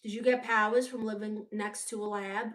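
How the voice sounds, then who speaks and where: A woman's voice: medium pitch, little pitch movement, moderate pace, a bit bright. A woman from Brooklyn with a Brooklyn accent, hosting a casual livestream and answering viewer comments in a blunt, sassy, unapologetic way. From Brooklyn, New York. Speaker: livestream host.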